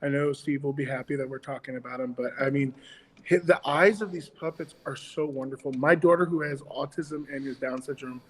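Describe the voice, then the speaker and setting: A man's voice: medium pitch, brisk, big-room sound, rough recording. A man co-hosting a casual chat about children's ministry puppetry, talking in a rambling way with many restarts.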